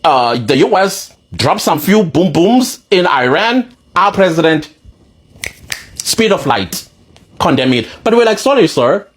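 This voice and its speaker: A man's voice: a little high, big pitch swings, measured pace. A man talking straight to his viewers in a casual vlog, heated and pleading. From South Africa. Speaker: vlogger. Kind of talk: casual opinion monologue to camera.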